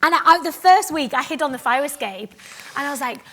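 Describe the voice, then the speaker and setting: A woman from Cumbria, a guest on a live festival stage, chatting in an animated, self-mocking way, laughing often and acting out what others said to her. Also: sits high, fairly quick. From Cumbria, England. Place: festival stage before an audience. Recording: live stage mic with audience ambience.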